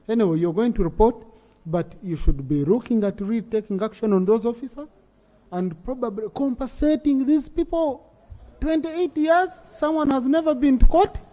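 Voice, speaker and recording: The presiding speaker of parliament, a man with a Ugandan English accent, chairs a session in the chamber, firmly directing debate and repeating phrases. His voice sits high with a warm tone. The recording has the long reverb of a large chamber.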